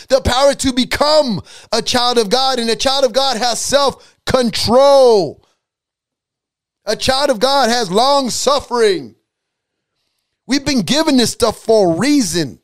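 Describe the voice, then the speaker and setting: A man's voice: very high-pitched, measured pace, fairly bright tone. A man preaching a sermon on divine healing, repeating lines for emphasis, asking rhetorical questions and slipping into casual, colloquial grammar. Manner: colloquial, drops into dialect grammar.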